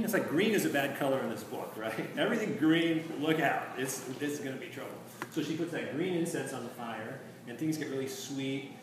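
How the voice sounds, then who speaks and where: A man teaching literature, his voice a bit high, animated, and asking his listeners questions. He sounds distant in a very echoey room, with noise behind. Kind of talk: literature lecture with read-aloud. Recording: echoey room from far off, noisy.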